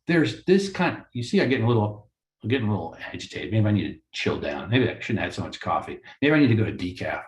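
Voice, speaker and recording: Animated man ranting in a roomy echo. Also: fairly low pitch, fast talker. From Florida. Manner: animated, ranting, conversational with rhetorical questions. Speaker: mediator and lawyer. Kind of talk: lecture-style talk for course credit.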